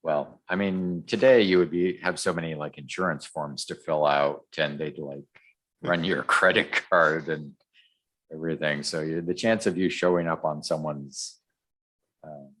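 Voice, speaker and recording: A man's voice: a bass voice, fairly even intonation, a little slow, a bit bright. A man co-hosting a podcast, chatting casually through a comic recap with lots of ums and restarts. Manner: rambling, many ums and restarts. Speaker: podcast co-host. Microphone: podcast microphone.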